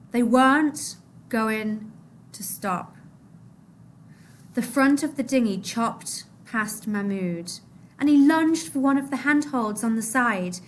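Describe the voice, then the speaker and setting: A woman reading a novel aloud to a class, expressive, her voice dropping low and soft at the sad moments. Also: slight background noise.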